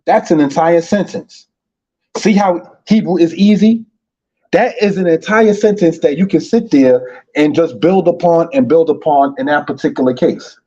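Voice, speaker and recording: A man teaching Hebrew in an online lesson, with a dark, husky voice. He repeats himself often and addresses his listeners as brothers and sisters. The sound is dull and lo-fi, like a live stream. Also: a little high, normal speed.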